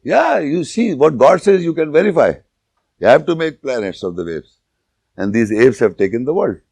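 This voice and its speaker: A man giving an informal religious lecture, telling jokes and anecdotes and pausing to search for words. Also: mid-range voice, sing-song, creaky, darkish tone, slightly rough, no room sound. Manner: anecdotal, joking, with searching pauses and restarts. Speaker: Islamic lecturer.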